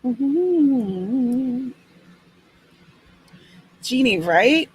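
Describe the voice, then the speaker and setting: A woman's voice: high voice, lively intonation, extremely slow, a little mellow, slight background noise, poor audio. A woman hosting a writing livestream, chatting casually and reading comments aloud with small asides. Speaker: host.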